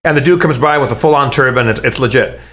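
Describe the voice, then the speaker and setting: A man's voice: medium pitch, fast talker, a bit bright. A man in casual chat, rambling with many restarts and swearing freely as he tells food stories.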